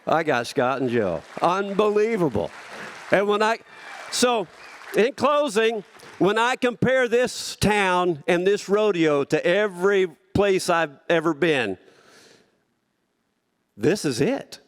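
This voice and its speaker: A man with a fairly high voice speaks at a banquet hall podium, accepting a rodeo honor. His speech is heartfelt and rambling, full of stories and acted-out quotes. He speaks in a relaxed, personal way. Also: slow pace, long pauses, some chatter behind. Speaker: rodeo hall of fame inductee giving a speech.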